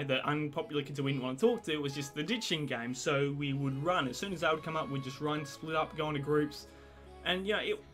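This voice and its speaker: This young vlogger's pitch is a little high, with a slightly bright quality. Talking straight to camera, he spins loose, profanity-laced anecdotes that poke fun at himself, all in a relaxed confessional style.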